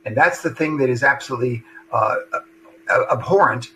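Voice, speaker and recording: A man's voice: medium pitch, normal speed, bright, forceful tone, a little hiss or hum, poor audio. A man commenting on politics, in an earnest and critical manner.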